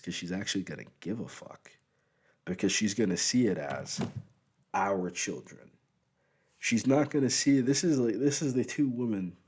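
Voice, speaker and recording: A man's voice: sits low, a little mellow, husky. A young man gives a blunt, profane, rambling opinion monologue. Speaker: vlogger.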